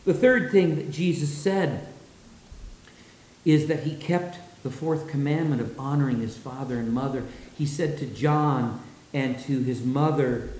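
Male preacher, dramatic sermon delivery, unhurried, recorded with a roomy echo. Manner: dramatic, drops low and soft for quoted words.

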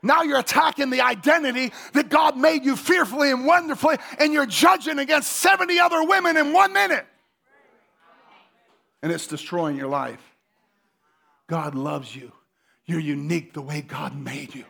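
Male pastor, middle-aged, high voice, gravelly, joking sermon with hushed asides and shouted lines. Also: normal speed. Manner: animated, joking, repeats phrases, swings between hushed and shouted. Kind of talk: energetic sermon. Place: church.

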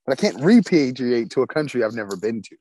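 An American man on a panel speaking in a firm, measured way. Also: medium pitch, sing-song, dark tone, no echo. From United States. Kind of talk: casual discussion.

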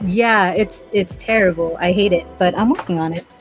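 A woman's voice: fairly low pitch, moderate pace, faint music behind, rough recording. A woman player chatting on a podcast, rambling and self-deprecating, with many "like"s. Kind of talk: casual chat.

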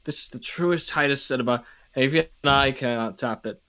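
A mock-solemn old film director, put on by a man reading aloud makes a grand apology in a plain, even-pitched voice. The reading is pompous on purpose. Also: a little fast, clean tone, lightly acted.

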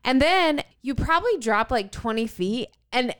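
Animated, smooth-voiced young woman storyteller. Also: a little high, moderate pace. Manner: animated storytelling, acts out quotes, swears, laughs. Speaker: podcast co-host telling a story. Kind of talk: casual chat.

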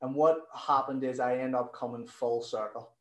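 A man, a nutrition coach telling stories in a casual interview, animated and swearing freely. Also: medium pitch, normal speed, reverberant, low-quality recording.

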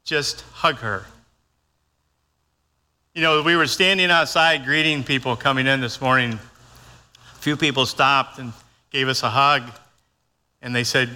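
Older pastor, bright voice, echoing church. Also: male voice, medium pitch, a little slow, long pauses. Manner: folksy, conversational, acts out his own lines. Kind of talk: sermon. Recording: long hall reverb.

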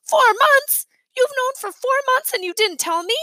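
A woman voicing an angry ten-year-old boy who shouts his indignant protests in a storybook reading. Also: high-pitched, expressive, moderate pace, no room sound, studio quality, full character voice. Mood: outraged.

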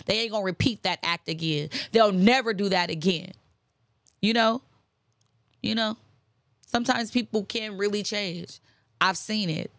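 A woman's voice: lowish voice, a bit bright, dry recording. A woman hosting a casual faith-based talk on forgiveness, chatty and emphatic, repeating phrases for emphasis and breaking into preachy asides. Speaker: host.

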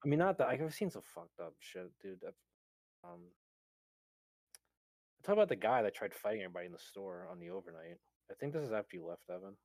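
A man's voice: lowish voice, big pitch swings, brisk, creaky, long pauses, darkish tone, no room sound. Laughing, foul-mouthed young man telling stories. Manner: swears a lot, laughs often, acts out quotes. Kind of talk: casual storytelling chat.

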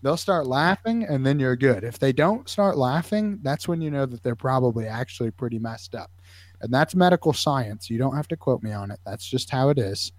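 An animated man telling stories in a relaxed podcast chat, now and then jumping into squeaky kid voices. His voice sits at an ordinary middle pitch. It is recorded close and dry, with no room sound. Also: moderate pace, no echo. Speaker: podcast co-host, sideline medic. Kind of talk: casual storytelling chat.

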